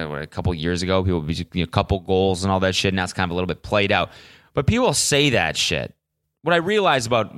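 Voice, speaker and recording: A man's voice: lowish voice, a bit bright, dry recording, clean studio sound. Casual, profane young man podcasting solo. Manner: casual, profane, rambling with frequent fillers. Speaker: podcast host.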